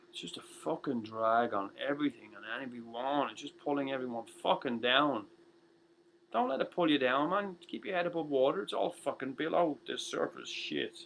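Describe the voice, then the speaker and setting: A tired man hosting a livestream music show, rambling and ranting with constant swearing, swinging between loud outbursts and muttered asides. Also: medium pitch, very animated, moderate pace, vocal fry, slight background noise, poor audio.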